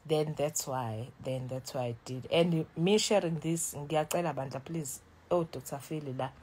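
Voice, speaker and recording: A South African woman in her thirties venting in a casual vlog, animated and switching between languages mid-sentence. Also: sits low, unhurried, husky. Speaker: YouTuber.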